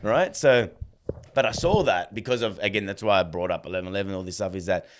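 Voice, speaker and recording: Guy in his thirties, very deep voice, chatty guest who re-enacts conversations, lots of "bro". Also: fast talker, a little hiss or hum. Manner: animated, acts out dialogue, fills with "like" and "bro". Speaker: podcast guest. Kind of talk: casual storytelling.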